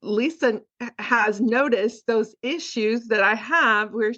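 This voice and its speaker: A woman's voice: fairly high pitch, slow pace, sharp tone, highs cut off. A woman hosting a casual podcast, asking questions and affirming her guest. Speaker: podcast host.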